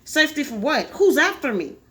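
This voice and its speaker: A woman's voice: sits high, very animated, fairly quick, a bit bright, voice pushed up. A woman voicing a scared young boy hero, asking startled questions. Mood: alarmed.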